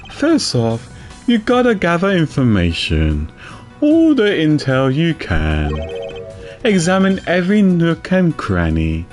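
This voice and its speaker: A man's voice: a little high, darkish tone, heavily acted. A man voicing a bumbling, loyal male police detective in a dopey accented voice, reading video game dialogue aloud.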